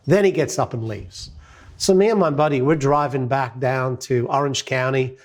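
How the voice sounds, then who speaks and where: A middle-aged man telling a business success story as a lively, anecdotal monologue, acting out the quotes. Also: mid-range voice, normal speed.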